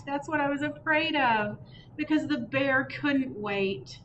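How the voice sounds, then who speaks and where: A woman librarian reading picture books aloud at storytime, expressive, with chatty asides in a public library. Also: high voice, slow pace, slight background noise, poor audio. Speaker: children's librarian. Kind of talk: picture book read-aloud.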